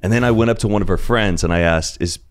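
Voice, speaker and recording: Man, young adult, lowish voice, podcast guest, rambling casual storyteller. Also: fast talker. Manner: rambling anecdotal storytelling with frequent "like" and "dude". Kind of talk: casual chat.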